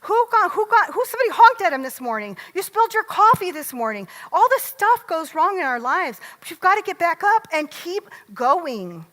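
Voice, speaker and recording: A middle-aged woman delivers a lively, joking motivational talk from a stage, firing questions out at the crowd. Her voice is high and bright, and it rings out through the long reverb of a large hall. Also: moderate pace, hardly any pauses. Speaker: motivational speaker.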